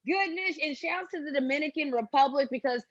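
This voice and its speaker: A woman hosting a casual podcast, telling a family story in an animated way and acting out what people said. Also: high voice, fairly quick, no room sound, lo-fi sound. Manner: animated storytelling, acts out quotes. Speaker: podcast host. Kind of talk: casual chat.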